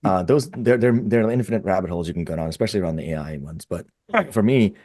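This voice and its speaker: On a casual webinar panel heard over a video call, a man rambles enthusiastically, often repeating words as he thinks aloud. His voice is low-pitched and warm, moving at a quick pace. The recording is studio quality with no echo.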